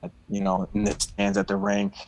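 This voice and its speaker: A man's voice: lowish voice, monotone, a little fast, vocal fry, slight background noise. A young man chatting casually as a podcast guest, easygoing with lots of fillers. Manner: easygoing, many fillers and laughs. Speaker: podcast guest, ice cross athlete.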